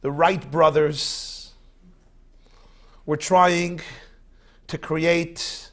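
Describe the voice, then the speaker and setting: Expressive male rabbi lecturing. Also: on the high side, very slow. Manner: expressive storyteller. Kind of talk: lecture with anecdotes.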